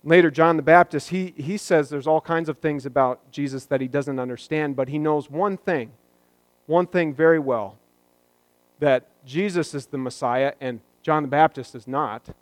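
Conversational man preaching, slightly high voice. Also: normal speed, no echo. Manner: conversational, joking asides. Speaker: pastor. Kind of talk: sermon.

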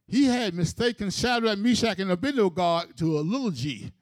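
A man's voice: high-pitched, animated, normal speed, hardly any pauses, no room sound, clean studio sound. A man preaching a sermon, telling a scripture story with emphatic, rhythmic phrasing.

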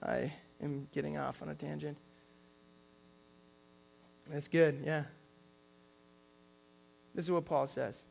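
A man's voice: fairly high pitch, steady tone, takes it slowly, creaky, long pauses, darkish tone, big-room sound. A man preaching a sermon in an earnest storytelling way, often restarting his sentences.

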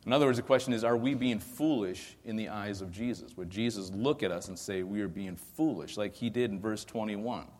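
A man preaching a sermon, earnest, asking rhetorical questions and slowing down to stress scripture verses. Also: fairly low pitch, darkish tone. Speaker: pastor. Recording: long hall reverb.

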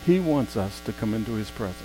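A man preaching a sermon, swinging between quiet, slow asides and loud, emphatic exclamations. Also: lowish voice, lively intonation, slight background noise, poor audio.

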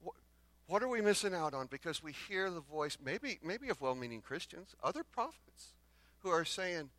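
A man's voice: on the high side, sing-song, moderate pace, no echo. Dynamic male pastor preaching a sermon. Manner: dynamic preaching that swings from loud bursts to hushed lines; acts out the exchanges between the prophets in their own voices.

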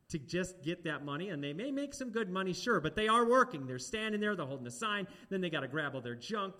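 A man delivers a sermon in a fairly high voice. He is animated, and he keeps turning to the congregation with questions and asides. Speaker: preacher.

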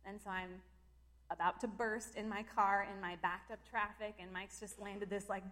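A woman's voice: medium pitch, moderate pace. A woman telling a personal faith story in a casual, emotional way, with lots of filler words. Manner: emotional and animated, lots of "like" fillers, breaks into laughter. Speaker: Christian speaker sharing personal testimony.

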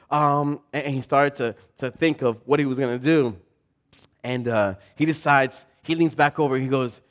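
A man's voice: medium pitch, measured pace. A man preaching a sermon, telling a story and acting out the voices in it, asking his listeners questions. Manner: animated, acts out quoted voices, asks the audience questions. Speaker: pastor.

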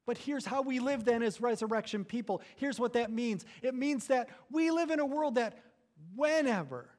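Brief: male pastor, high and lively voice, slow and emphatic sermon delivery. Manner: emphatic preaching, swelling loud on key phrases then dropping low.

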